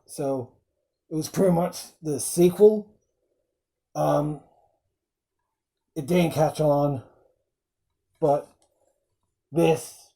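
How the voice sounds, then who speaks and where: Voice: mid-range voice, mellow. A film reviewer talking casually, rambling with many fillers and fondly quoting film lines. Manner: fond, quotes film lines.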